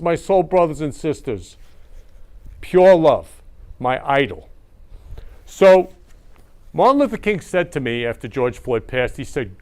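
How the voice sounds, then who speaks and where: A man's voice: on the high side, big pitch swings, normal speed. Effusive man hosting, near tears. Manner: effusive, repeats words of love, near tears. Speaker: talk show host. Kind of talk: emotional, preachy talk.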